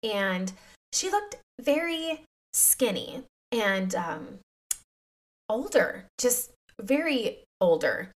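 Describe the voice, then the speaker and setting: A woman's voice: on the high side, sing-song, extremely slow. Earnest, emotional woman podcast host. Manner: emotional, confiding, chatty with listeners. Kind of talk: heartfelt faith-based talk.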